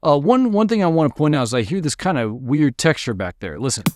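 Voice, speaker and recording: A man teaching music production in a relaxed, upbeat way, walking through a dance track and sometimes mimicking its sounds with his voice. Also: fairly high pitch, a little fast. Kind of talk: screen-recorded music production tutorial. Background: dance track playing faintly.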